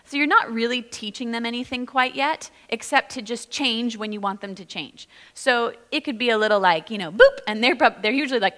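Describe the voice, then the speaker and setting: Bright, chatty woman pastor in reverb. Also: on the high side. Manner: chatty, full of "like" and "you know". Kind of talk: conversational church teaching. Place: church sanctuary.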